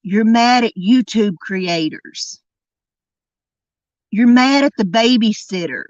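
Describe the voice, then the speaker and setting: A woman hosting a true crime podcast, delivering an indignant, emphatic monologue and drawing out key words slowly. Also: on the high side, no room sound, muffled recording. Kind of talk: angry commentary monologue.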